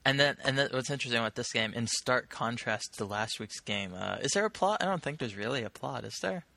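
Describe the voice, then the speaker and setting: A man's voice: medium pitch, expressive, fairly quick, vocal fry, bright, forceful tone. A young man co-hosting a casual podcast, thoughtful and a little hesitant. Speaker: podcast co-host. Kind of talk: casual chat about video games.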